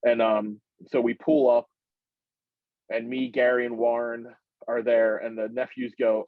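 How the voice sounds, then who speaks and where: A middle-aged man spins a rambling story in casual podcast chat, his voice climbing high when he gets excited. The sound is muffled and dull, with a dry, close feel and no room around it. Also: a little slow, dry recording. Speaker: podcast guest.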